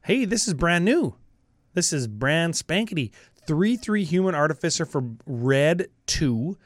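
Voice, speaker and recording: A man co-hosting a casual card-game chat, reading rules text quickly with upbeat asides. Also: on the high side, big pitch swings, dry recording, studio quality.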